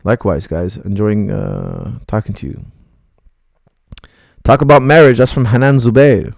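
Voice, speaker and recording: A man's voice: on the low side, fairly even intonation, measured pace, gravelly, a little mellow, dry recording, clean studio sound. A middle-aged man, a martial arts coach, bluntly rambling through viewer questions on a live stream.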